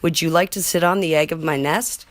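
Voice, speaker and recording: A woman's voice: low-pitched, steady tone, fairly quick, dry recording, studio quality, lightly acted. A woman voicing a lazy female bird, coaxing in a sing-song way for a storybook reading.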